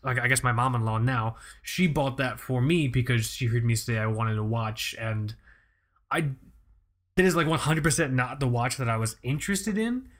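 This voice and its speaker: Man, young adult, podcast host, casual storytelling, lots of restarts, medium pitch. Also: moderate pace, a bit bright. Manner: rambling, storytelling with many restarts. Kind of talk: casual chat.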